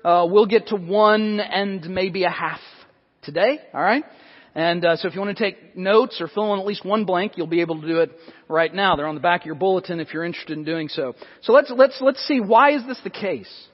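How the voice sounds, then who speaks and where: A male pastor preaching an expository sermon in a church, his voice sitting high. He talks conversationally, restarting phrases and adding asides. The recording is dull and lingers in a long sanctuary reverb. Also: fairly quick.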